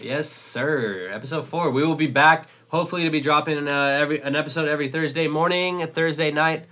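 A man's voice: fairly high pitch, a little fast, sharp tone. A man in his twenties co-hosting a podcast, chatting casually, laid-back and swearing as he tells a story. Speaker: podcast co-host.

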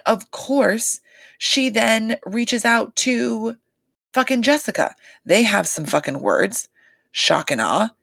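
A woman's voice: fairly high pitch, creaky, no echo. A woman hosting a casual podcast chat, gossiping with lots of swearing and "like.". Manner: gossipy, profane, animated, lots of "like" and "you guys". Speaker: podcast host recapping a reality show. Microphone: desk microphone.

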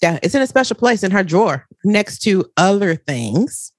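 A woman's voice: mid-range voice, sing-song, normal speed, darkish tone, dry recording. Polite woman moderating, dry sound. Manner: polite, prompts others for opinions. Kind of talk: casual group chat.

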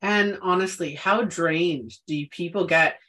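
A woman's voice: on the low side, measured pace, sharp tone. A woman co-hosting a casual wellness chat, who talks emphatically and repeats words for stress. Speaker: podcast co-host.

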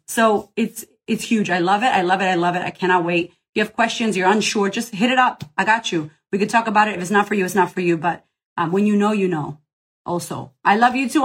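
Woman podcast coach, breathy and husky, effusive, blunt, profane, high-energy pep talk. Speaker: business coach and podcast host. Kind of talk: live motivational Q&A.

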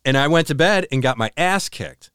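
A man co-hosting a podcast, retelling a story earnestly with halting restarts and a hushed, slowed delivery on dramatic moments. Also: expressive, clear, resonant tone, no room sound, studio quality. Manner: slows and drops to a low hush on dramatic moments. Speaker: podcast co-host. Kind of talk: casual storytelling chat.

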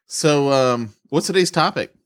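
A man's voice: on the high side, measured pace, dry recording. A man co-hosting a podcast, chatting in a laid-back way with joking banter. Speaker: podcast co-host. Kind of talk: casual chat.

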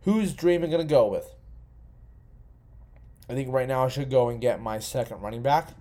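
A man's voice: medium pitch, normal speed. A young man hosting a podcast, talking casually and rambling with lots of swearing while getting tipsy. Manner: profane, rambling, excitable. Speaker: podcast host. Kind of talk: casual solo commentary.

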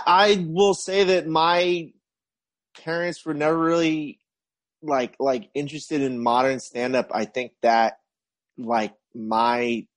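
A man, a comedian guest on a podcast, chatting in a relaxed, loose way with lots of "like.". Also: medium pitch. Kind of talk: casual chat.

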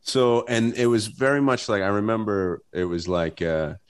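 A man's voice: on the low side, expressive, normal speed, clean tone. A man co-hosting a casual podcast chat, laughing often and chiming in with details. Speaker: podcast co-host.

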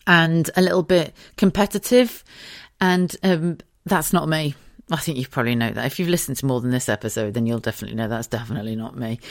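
A woman's voice: sits low, no echo, studio quality. A middle-aged woman with a candid, self-mocking manner, sounding tired as she hosts a podcast, swearing freely and laughing often. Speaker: podcast host. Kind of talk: candid solo podcast monologue.

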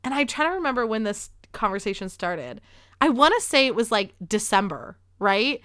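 A woman in her thirties hosts a podcast, telling a rambling, casual story full of "like" and free swearing in a chatty way. Her voice is fairly high, very animated, a bit bright, clear and resonant, at normal speed. The recording is dry, with clean studio sound.

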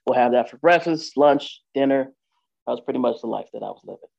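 Male storyteller, gravelly and rough at the edges, casual and rambling, dull lo-fi recording. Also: medium pitch, a little fast, darkish tone. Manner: loose and conversational, with frequent fillers and "right?" checks.

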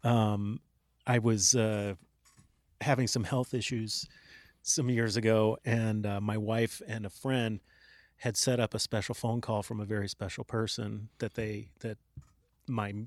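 A man's voice: lowish voice, flat delivery, unhurried, no echo. A man in casual chat, laid-back, telling a story with casual swearing.

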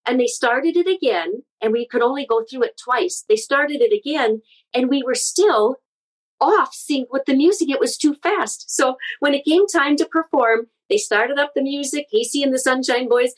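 Guest author, woman, middle-aged, Midwest, warm-hearted storyteller with a slightly high voice. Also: moderate pace, poor audio. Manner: earnest, animated storyteller with frequent restarts. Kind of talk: conversational interview storytelling.

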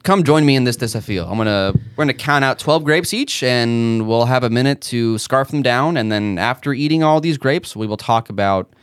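A podcast co-host with a medium-pitched, clear, resonant voice chats casually and rambles with lots of fillers. He talks fairly quickly with few pauses, and there is no room sound.

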